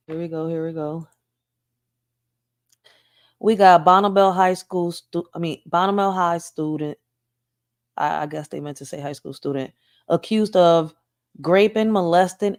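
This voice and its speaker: A woman's voice: lowish voice, darkish tone, clean tone. A woman hosting a casual news reaction show, talking bluntly with swearing and laughing asides. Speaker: host.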